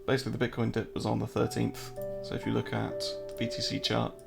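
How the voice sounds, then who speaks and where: A man's voice: medium pitch, completely flat delivery, fast, gravelly, music in the background. An English man hosting a casual live-stream, joking, answering viewer chat and walking through trading charts. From England.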